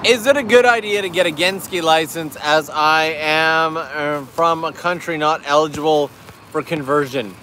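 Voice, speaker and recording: An easygoing man hosts a casual livestream and answers viewer questions, his voice sitting a little high. He talks outdoors on a city street at night, with faint traffic noise behind him. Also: fairly even intonation, moderate pace, bright, forceful tone. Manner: easygoing, reads viewer comments aloud. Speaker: host.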